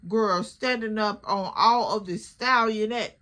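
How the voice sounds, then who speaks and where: A young woman with a Chicago accent telling a story in a chatty, animated way to her viewers. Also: medium pitch, a little slow. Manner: animated, chatty, addresses the listener as girl. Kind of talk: casual storytime vlog.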